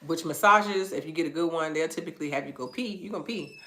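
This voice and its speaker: A woman wellness coach talking through a personal story in an animated, casual way, slipping into higher voices when she quotes people. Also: fast, slight background noise. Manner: casual, conversational phrasing. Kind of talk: live-streamed personal story talk. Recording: echoey room.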